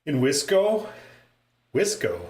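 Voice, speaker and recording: A middle-aged man with a northern Minnesota accent, chatting excitedly while commenting on his own play. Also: a little high, takes it slowly. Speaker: streamer. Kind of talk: casual live-stream commentary. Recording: echoey room with loud noise.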